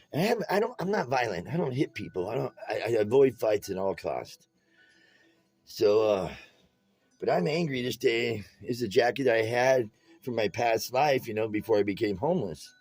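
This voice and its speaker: A man's voice: medium pitch, gravelly, poor audio. A man who tells meandering stories while showing how to tie-dye a shirt, using casual, streetwise speech and often restarting his sentences. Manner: rambling, restarts and drifts between stories. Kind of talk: storytelling while demonstrating a craft.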